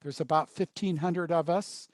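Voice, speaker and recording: High-voiced male workshop trainer. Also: steady tone, no room sound. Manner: storytelling, pausing in short phrases. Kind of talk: workshop presentation.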